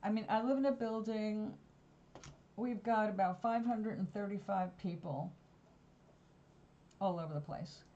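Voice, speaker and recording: A woman talks in a loose, wandering way, drifting from one story to the next. Her voice is mellow and soft-edged. The recording sounds a little dull and lo-fi. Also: mid-range voice, a little slow, pauses often, a little hiss or hum. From New York. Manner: rambling, digressive storytelling. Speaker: vlogger. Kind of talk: casual chat.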